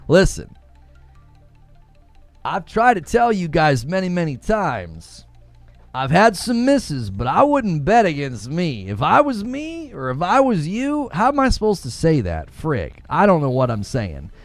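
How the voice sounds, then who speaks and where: A young man hosting a gaming livestream, chatting casually in a snarky, animated way and laughing often. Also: on the high side, a little slow, no room sound, soft background music.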